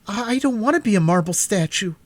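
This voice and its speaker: A frightened young boy, his voice pushed well up in pitch, pleads and protests with anxious urgency, as a man puts him on. He turns stubborn and rebellious in a storybook reading, and his voice swings widely. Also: sing-song, normal speed, a little mellow, no echo.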